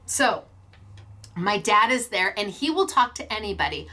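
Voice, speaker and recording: A middle-aged woman hosting a craft class, telling a casual anecdote as a lively storyteller who laughs often. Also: medium pitch, moderate pace.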